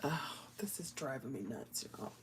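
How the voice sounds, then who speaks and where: A woman's voice: extremely low pitch, sing-song, normal speed, slightly rough. A woman hosting a live stream, chatting casually with viewers as she colors, laughing often and slipping into whispers while she works. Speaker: livestream host.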